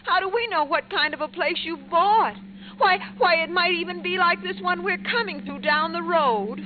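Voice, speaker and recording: An actress playing an anxious, tearful grown daughter in a 1950s radio comedy, pleading and whiny. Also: female voice, extremely high pitch, normal speed, a little hiss or hum. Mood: fretful. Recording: old broadcast recording, tinny.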